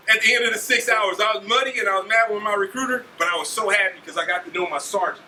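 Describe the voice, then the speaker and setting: A man in his forties from Ohio, an army leader telling students animated stories and often asking "right?". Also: sits high, quick pace, few pauses. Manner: animated, acts out scenes, keeps asking "right?". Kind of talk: motivational storytelling speech. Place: school auditorium. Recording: echoey hall from far off, faint noise.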